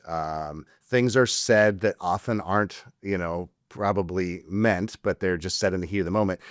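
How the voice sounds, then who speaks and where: A man hosting a podcast, talking in a relaxed, rambling way with easy laughs. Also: low-pitched, smooth, dry recording, clean studio sound. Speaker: podcast host. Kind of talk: casual podcast conversation.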